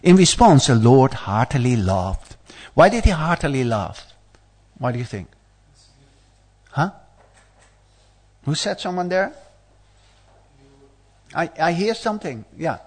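A man's voice: a little high, very animated, takes it slowly, long pauses, a little mellow, breathy edge. A man leading a scripture class who reads the story aloud and breaks into chatty, stammering asides, with many fillers and playful teasing of his listeners. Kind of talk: scripture reading with commentary.

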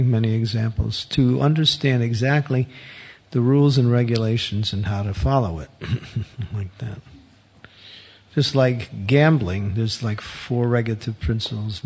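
A man with a husky, slightly rough voice gives an informal religious class. He rambles through anecdotes and chuckles often as he teaches. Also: medium pitch, a little mellow. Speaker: Hare Krishna teacher.

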